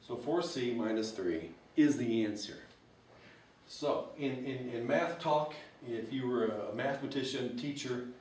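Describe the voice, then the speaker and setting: A man's voice: mid-range voice, a little mellow, recorded from a distance. A man teaching an algebra lesson, explaining step by step with joking, folksy asides. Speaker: math teacher. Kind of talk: recorded math lesson. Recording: echoey room, voice from off-mic, faint hiss.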